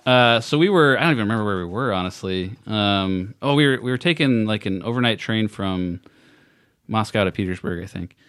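An American man co-hosting a podcast, telling a rambling story with laughs, his voice trailing off quietly between bits. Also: on the low side, lively intonation, fairly quick, smooth, no room sound. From United States. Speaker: podcast co-host. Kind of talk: casual storytelling chat.

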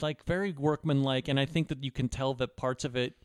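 A man's voice: medium pitch, steady tone, brisk, smooth, no echo, clean studio sound. A man co-hosting a podcast, chatting casually and wryly about films. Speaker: podcast co-host. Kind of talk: casual film review chat.

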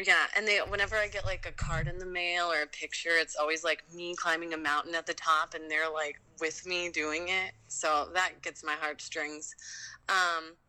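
A woman in her thirties from Minnesota, chatting casually as an interview guest. Her voice is bright and forward, set a little low for a woman. She talks in an upbeat, rambling way with plenty of fillers. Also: level tone, normal speed, poor audio. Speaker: guest, ultrarunner.

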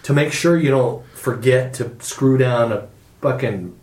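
A man's voice: medium pitch, unhurried, darkish tone. A middle-aged man chatting casually on a podcast, rambling and swearing as he tells stories. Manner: rambling, profane, loose storytelling. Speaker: podcast regular. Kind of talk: casual chat. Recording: echoey room with faint noise.

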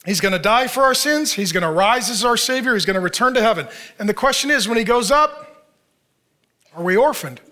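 A man delivers a sermon in a church, loose and conversational rather than formal. His voice sits high and carries a bright edge. He keeps the congregation involved with questions and dry humor. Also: expressive, fairly quick. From Arizona, United States. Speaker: pastor.

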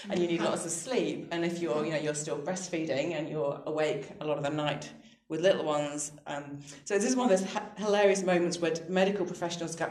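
Interview guest: a woman in her thirties with a low voice, telling reflective personal stories, quick to laugh at herself, recorded in a roomy, echoey space. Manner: thoughtful, soft-spoken, laughs readily at her own stories. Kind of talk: reflective personal storytelling on faith.

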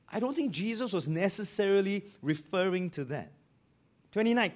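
A male pastor who preaches in an animated way, asking rhetorical questions and acting out quotes. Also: high voice, moderate pace. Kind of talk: sermon.

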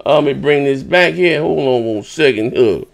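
A man's voice: mid-range voice, expressive, normal speed, vocal fry. A man streaming live, telling rambling, profane stories to his subscribers in casual banter. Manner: profane, rambling storytelling with many fillers.

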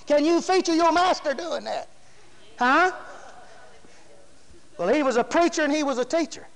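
A man preaching a fiery revival sermon, often breaking into shouts of praise. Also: very high-pitched, animated, moderate pace. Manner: shouting, Southern preacher cadence. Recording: long hall reverb.

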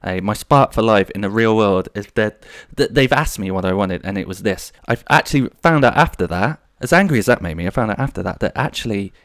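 A young adult man hosting a podcast, telling a rambling story in a casual, animated way with lots of swearing. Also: fairly low pitch, fairly quick, few pauses, no echo, studio quality. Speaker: podcast host. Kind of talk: casual solo storytelling monologue.

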